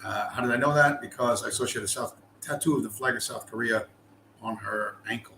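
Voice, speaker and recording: This livestream host, a man from the US East Coast, has a mid-range voice that's fairly quick, bright, and forceful. He rambles through profane stories in a casual chat, often losing his train of thought, in a roomy space with faint ambience and slight background noise.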